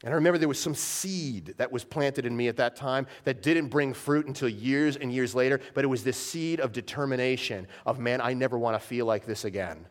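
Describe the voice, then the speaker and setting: A middle-aged man preaching a sermon, telling stories with animated swings from loud bursts down to quiet, heavy lows. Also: fairly quick, few pauses. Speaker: pastor.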